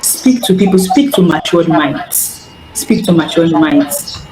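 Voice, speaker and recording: Speaking slowly in a low voice with lively intonation, a woman who works as a healing coach leads a live online teaching session. She is earnest and repetitive, stammering on restarts. It comes through echoey, noisy online call audio with music in the background.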